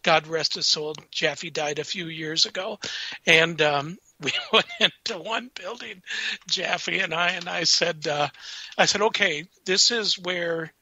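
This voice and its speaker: A man telling paranormal investigation stories in casual radio chat, animated and laughing as he acts out what people said. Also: fairly high pitch, unhurried, dry recording. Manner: animated, laughing storyteller acting out quotes. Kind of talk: casual storytelling on a radio show. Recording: dull, lo-fi radio sound.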